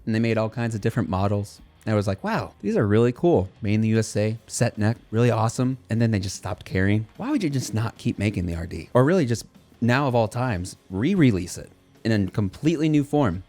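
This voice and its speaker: A man's voice: lowish voice, lively intonation, fairly quick, darkish tone, faint music behind. Man, enthusiastic vlog host, casual and gushing. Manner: enthusiastic, gushing, uses "man" and "dude" a lot. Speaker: YouTube bass channel host. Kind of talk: casual video commentary.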